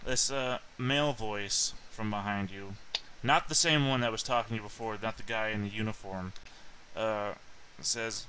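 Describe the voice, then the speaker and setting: A man's voice: on the low side, moderate pace, pushed and bright, slight background noise, rough recording. A man narrating a sci-fi tabletop game as game master, hesitant and full of fillers.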